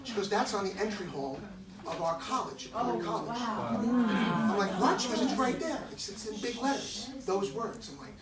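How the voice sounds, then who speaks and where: A high-pitched man speaking at a moderate pace tells a crowd at an indoor hair salon gathering an emotional personal story about being a dog owner, animatedly acting out the quoted lines. The poor-quality audio is reverberant and recorded from a distance.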